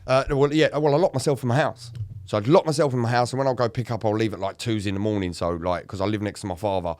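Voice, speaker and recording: A man's voice: fairly low pitch, fairly even intonation, fast talker, darkish tone, no room sound. A man, candidly telling a story about himself in a podcast chat, swearing and acting out what people said. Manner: emotional, swearing, acts out quoted lines. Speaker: podcast co-host in recovery.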